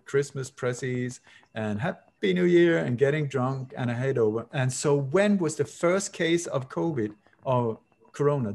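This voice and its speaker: With a mid-range, darkish voice touched by vocal fry, a man being interviewed recounts a story with animation. He leans on emphasis and sarcasm, repeating words for effect.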